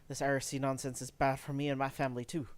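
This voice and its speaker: A man's voice: mid-range voice, little pitch movement, fast, close to an everyday voice. A man voicing a blunt, folksy working-class dock foreman while reading game dialogue aloud. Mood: gruff.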